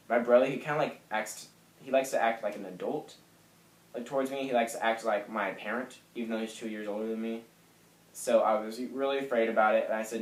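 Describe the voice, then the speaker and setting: A man's voice: lowish voice, roomy sound, poor audio. A young man telling his personal story to the camera in a candid, hesitant way with frequent fillers. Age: young adult. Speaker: vlogger.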